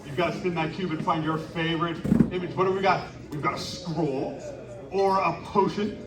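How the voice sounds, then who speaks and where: A man hosting an interactive live storytelling show, animatedly coaxing the audience to shout along. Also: on the high side, steady tone, normal speed. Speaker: live children's storytelling performer. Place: outdoor winter carnival stage. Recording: echoey, distant live stage recording with crowd. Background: audience noise.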